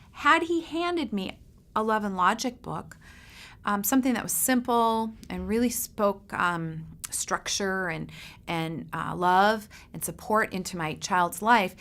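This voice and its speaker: A middle-aged woman, a parent coach, telling a lively personal story to parents and acting out the voices in it. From Seattle area, United States. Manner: animated storyteller, acts out quoted voices with big pitch jumps.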